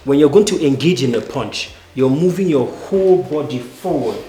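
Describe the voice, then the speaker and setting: A man's voice: mid-range voice, lively intonation, moderate pace, dark tone. A man coaching acting students through stage combat drills, counting out moves and calling cues in a commanding way. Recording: echoey room with background noise.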